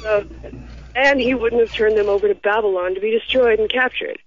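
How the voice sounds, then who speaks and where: Over a tinny telephone connection, a female caller with a fairly high voice speaks a little fast. She's earnestly, preachily addressing a radio talk show in a casual call-in conversation.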